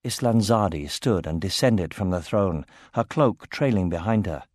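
A man narrating a fantasy novel in a steady, measured reading voice. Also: sits low, no echo, studio quality.

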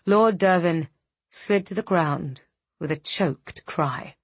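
Slow, husky woman narrating fantasy. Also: fairly low pitch, no echo. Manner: measured, dramatic storytelling. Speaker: audiobook narrator.

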